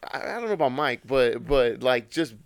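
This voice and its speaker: A man's voice: mid-range voice, expressive, moderate pace, clear, resonant tone, no room sound. A man co-hosting a podcast, joking and swearing in casual banter while egging the storyteller on. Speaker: podcast co-host.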